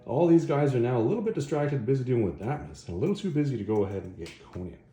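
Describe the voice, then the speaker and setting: A man's voice: mid-range voice, animated, very fast, mellow. A man hosting a video, casually recapping a comic story with rambling self-corrections. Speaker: video host, comic reviewer. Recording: echoey room.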